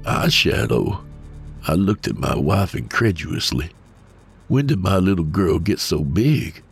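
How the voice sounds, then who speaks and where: A man tells a horror story in the first person, his voice sitting extremely low with a breathy, husky grain. His delivery is steady and measured. Faint music runs quietly behind him. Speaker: narrator.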